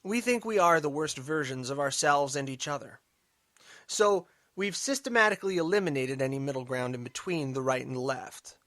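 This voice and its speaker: A man hosting a political commentary podcast, emphatic and sarcastic, dropping to mutters and then rising loud. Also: fairly high pitch, animated, normal speed, no room sound, clean studio sound. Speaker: podcast host.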